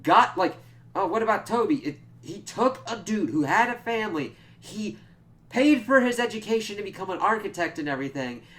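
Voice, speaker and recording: A man's voice: sits high, expressive, normal speed, fairly bright tone. A young man casually reviewing a TV episode, rambling and swearing freely as he acts out bits of dialogue. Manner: rambling and profane, acts out quoted lines.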